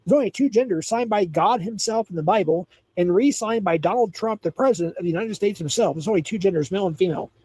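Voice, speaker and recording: High-voiced blunt man scolding his chat. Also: fast, few pauses, breathy edge, no room sound, rough recording. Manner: blunt, repetitive, scolding, tells viewers to calm down. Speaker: livestream host. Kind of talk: livestream chat, reacting to viewers.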